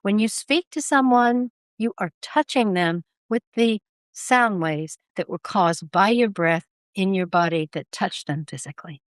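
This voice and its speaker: A woman voice coach speaking in a podcast interview, with an expressive, emphatic teaching delivery. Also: mid-range voice, measured pace, clean tone, no room sound. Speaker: voice coach guest.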